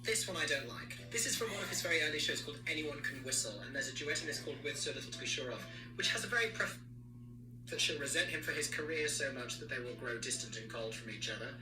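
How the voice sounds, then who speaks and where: A man hosting a podcast, giving sarcastic, animated commentary and mimicking characters as he talks. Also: a little high, fast talker. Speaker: podcast host. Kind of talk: opinionated casual commentary. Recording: roomy echo, distant mic, music behind.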